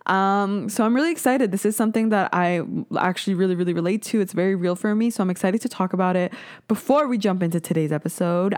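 A woman's voice: mid-range voice, fast talker, a little mellow, clear, resonant tone. A woman in her twenties with a Canadian accent, hosting a casual solo podcast, chatty and swearing freely. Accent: Canadian English. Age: 20s. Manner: chatty, swears freely, slips into mocking voices. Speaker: podcast host.

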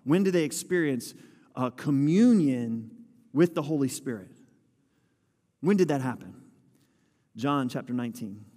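A man's voice: medium pitch, expressive, unhurried, pauses often, dark tone. A man preaching a sermon, reading scripture aloud and putting questions to his listeners. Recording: long hall reverb with faint music.

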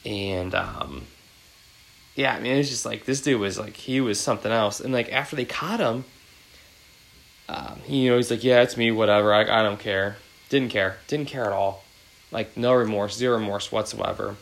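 A man's voice: lowish voice, normal speed, creaky, poor audio. A man in his thirties hosting a podcast, chatting casually and rambling with many fillers. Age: 30s. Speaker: podcast host.

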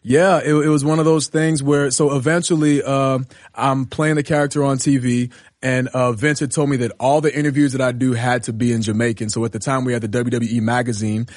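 A man who is a professional wrestler, guest on a radio interview, telling stories in a lively way and often asking "you know what I'm saying". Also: mid-range voice, brisk, no echo, clean studio sound. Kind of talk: casual radio interview storytelling. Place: radio studio.

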